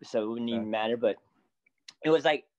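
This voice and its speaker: A man, a salon stylist, telling a story as a guest in casual chat, animated and laughing often. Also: mid-range voice, a little fast.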